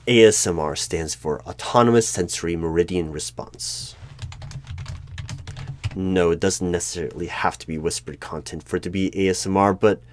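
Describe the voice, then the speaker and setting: A man playing a secretive, deadpan male hiring manager of a secret bureau, asking formal, bureaucratic interview questions in a one-sided audio role-play. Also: sits low, normal speed, a little hiss or hum, natural voice. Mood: evasive.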